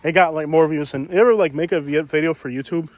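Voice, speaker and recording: A man's voice: on the high side, fast talker. A man vlogging as he walks an outdoor street, chatty and rambling, with many fillers. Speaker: YouTuber. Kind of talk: walking vlog commentary. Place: outdoors on a storm-damaged street. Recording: faint outdoor street noise.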